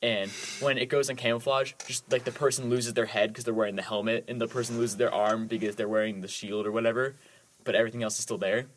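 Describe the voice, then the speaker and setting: A man's voice: mid-range voice, flat delivery, quick pace, slight background noise. A man co-hosting a movie podcast, chatting casually and eagerly with lots of "like"s as he recaps films. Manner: enthusiastic, rambling with many "like"s. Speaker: podcast co-host.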